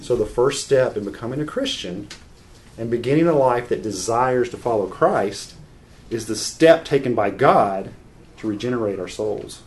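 Male preacher, mid-pitched, earnest and unpolished, some restarts, faint noise under it. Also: animated, normal speed. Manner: earnest, unscripted, frequent restarts. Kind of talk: sermon with personal story.

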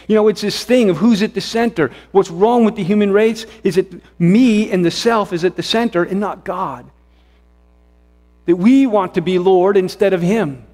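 A pastor with a high-pitched, slightly mellow voice preaches a sermon in a church sanctuary, earnest and repetitive, frequently restarting his phrases. The church hall gives the recording a long reverb.

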